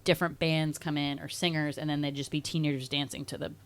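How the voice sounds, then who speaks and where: A young woman with a somewhat low voice co-hosting a podcast. She drops in wry one-liners and quick corrections while her partner tells the story. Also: level tone, no room sound. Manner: chimes in with short jokey remarks and corrections. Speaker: podcast co-host. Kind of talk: casual chat.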